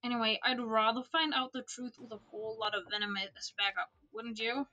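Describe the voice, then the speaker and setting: A woman voicing a sharp-tongued, sarcastic young female dragon, dry and snappish. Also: on the high side, fairly even intonation, a little fast, highs cut off.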